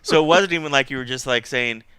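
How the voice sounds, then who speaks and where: A man's voice: mid-range voice, fast, bright, forceful tone, clear, resonant tone, no echo. A man co-hosting a podcast who jokes and banters in a wry way. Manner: joking, wry. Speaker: podcast co-host. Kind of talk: casual podcast chat.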